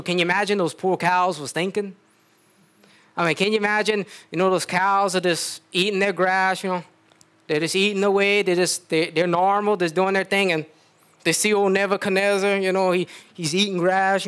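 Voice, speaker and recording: A man's voice: high voice, a bit bright, smooth. A man with a South Louisiana accent preaching a sermon in a folksy, storytelling way, often stopping to restart.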